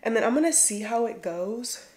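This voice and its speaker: A young beauty vlogger talks loosely to the camera in a get-ready-with-me chat, peppering her slangy speech with "like" and "y'all." Her voice is a little high and a little mellow, animated, at normal speed.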